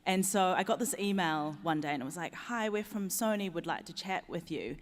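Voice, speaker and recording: A woman on a game panel telling an animated story with laughing asides. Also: on the low side, brisk, big-room sound. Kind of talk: panel anecdote.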